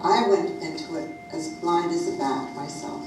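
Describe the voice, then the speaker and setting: A woman's voice: low voice, normal speed, close to an everyday voice. A woman reading a fretful wedding-day mother. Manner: fretful, confiding. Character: worried small-town mother on wedding day. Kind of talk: amateur play reading. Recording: echoey room, mic far off, music behind.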